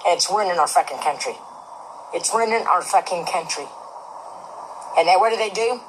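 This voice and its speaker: A middle-aged woman hosting a livestream, ranting loudly and bluntly with constant profanity. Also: lowish voice, normal speed, slight background noise, low-quality recording. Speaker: livestream host. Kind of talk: angry profane rant on a livestream.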